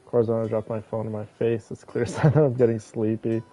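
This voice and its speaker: A man streaming a game, chatting casually and rambling to his viewers in a relaxed way. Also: lowish voice, fast talker. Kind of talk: casual chat with viewers while gaming.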